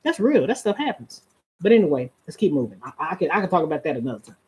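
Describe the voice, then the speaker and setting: A woman's voice: low voice, very animated, quick pace, a little mellow. A woman giving relationship advice on a live stream. She keeps asking her audience rhetorical questions and drawls out the phrases she wants to stress.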